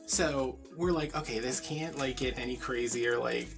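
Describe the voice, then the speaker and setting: A man's voice: mid-range voice, normal speed, gravelly, music in the background. A man, telling a gossipy story in a casual, chatty way while he crafts. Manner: chatty, gossipy, heavy use of filler words. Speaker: crafting vlogger.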